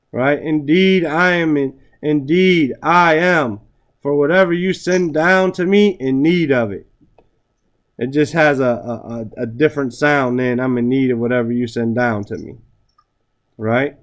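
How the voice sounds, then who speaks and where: A man's voice: a little high, steady tone, unhurried. A man teaching a class on Arabic grammar, reciting Arabic phrases and translating them, often checking in with "right?". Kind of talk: classroom lesson.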